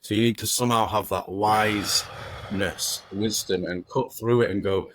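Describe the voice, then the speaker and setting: Guy on a podcast, lowish voice, rambly, swears a lot, dry close sound. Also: steady tone, moderate pace, no echo. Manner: rambling, swears freely, acts out inner voices. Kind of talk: casual podcast conversation.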